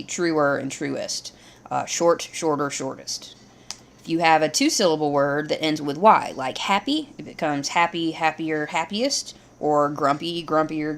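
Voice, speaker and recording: A woman teaching a grammar lesson, explaining rules step by step in a steady way. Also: low voice, gravelly.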